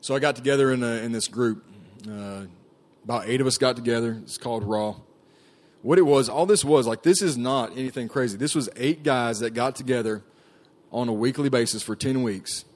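Speaking to a group, a man on ministry staff relays his testimony in a medium-pitched, darkish voice, fairly quickly. His storytelling is relaxed and filler-heavy.

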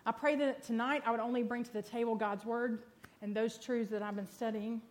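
Quick-talking woman preaching. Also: on the high side, fairly even intonation, darkish tone. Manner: quick, chatty and self-deprecating. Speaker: speaker at a church event. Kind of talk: sermon teaching with prayer.

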